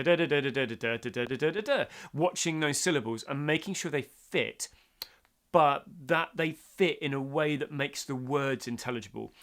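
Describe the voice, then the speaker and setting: A man's voice: medium pitch, a bit bright. A middle-aged man from the UK giving a casual songwriting lesson, chatty with self-deprecating asides. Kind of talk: casual instructional talk.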